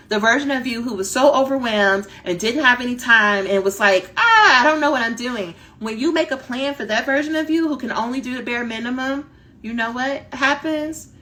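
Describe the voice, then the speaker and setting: A woman dissertation coach giving a direct, animated talk that acts out her students' inner voices. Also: on the high side.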